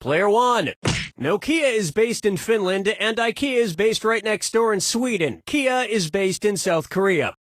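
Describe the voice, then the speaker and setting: A man's voice: high voice, animated, a little slow, a bit bright, dry recording, clean studio sound. A man hosting a comedy quiz video game, sarcastic and teasing the players between questions.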